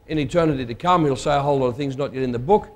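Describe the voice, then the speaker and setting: Racing along in a mid-range voice, a preacher gives his sermon emphatically and conversationally, asking questions of those listening. His words ring with the long reverb of a hall.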